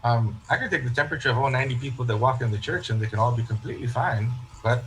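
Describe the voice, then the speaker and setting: A man's voice: mid-range voice, very fast, fairly bright tone, soft background music, poor audio. A man, a parish priest, talking in a casual interview and telling stories that he acts out with quoted remarks and frequent restarts.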